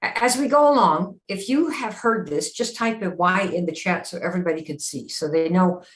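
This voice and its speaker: A woman's voice: lowish voice, normal speed. A woman hosting a live sales-coaching stream, talking emphatically, firing rhetorical questions and slipping into dramatic acted voices. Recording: roomy echo.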